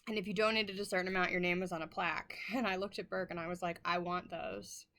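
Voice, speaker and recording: Middle-aged woman vlogger, lowish voice, rambling, apologetic, laughs often, emotional. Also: steady tone, racing, pushed and bright. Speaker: flosstube host. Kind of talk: casual chat to camera.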